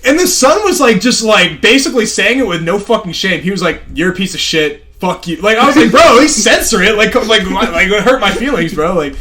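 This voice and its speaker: Young male podcast co-host, light high voice, rambling storyteller who swears and laughs a lot. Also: expressive, a little fast, few pauses, sharp tone. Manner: rambling, lots of fillers and profanity, laughs while telling stories. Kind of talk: casual storytelling chat.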